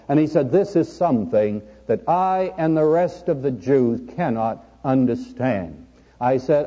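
A man preaching a sermon, his voice swinging up and down with a very dark, husky tone. He calls his listeners "friend" and slows down for emphasis. The dull old recording carries a long hall reverb. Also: a little high. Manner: addresses listeners as friend, dramatic pauses. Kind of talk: sermon on prophecy.

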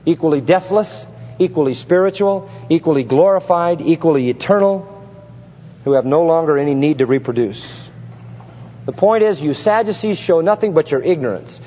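Emphatic preacher in a reverberant hall. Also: male voice, a little high, a little hiss or hum. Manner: emphatic, rising to forceful peaks, rhetorical questions. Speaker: pastor. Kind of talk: expository sermon. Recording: dull lo-fi sound with long hall reverb.

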